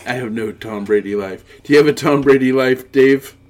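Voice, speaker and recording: A man's voice: medium pitch, moderate pace, a little mellow. A man co-hosting a podcast in casual chat, reminiscing and quoting old TV shows. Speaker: podcast co-host.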